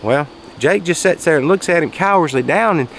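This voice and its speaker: A man telling a folksy story outdoors in a casual monologue, raising his voice for quoted shouts. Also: a little high, lively intonation, brisk, slight background noise. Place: outdoors, quiet spot near traffic.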